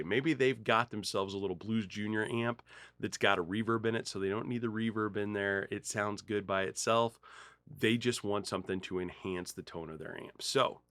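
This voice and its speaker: Animated male guitar-gear host. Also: no echo. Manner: animated storyteller, acts out quoted dialogue with big pitch jumps. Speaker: music store host demonstrating guitar gear. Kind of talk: casual storytelling and gear demo.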